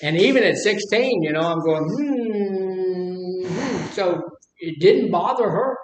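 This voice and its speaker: Older man, folksy rambling storyteller, slightly high voice, roomy echo. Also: animated, normal speed, background noise. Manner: folksy, rambling storyteller who acts out quotes. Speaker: speaker leading a talk on anger. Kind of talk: casual teaching talk with stories. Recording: echoey room.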